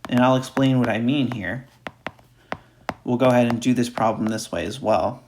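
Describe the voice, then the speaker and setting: A man's voice: medium pitch, normal speed, background noise. Male math instructor, mid-range voice, recorded lecture, methodical and repetitive. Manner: talks through steps aloud, repeats key points.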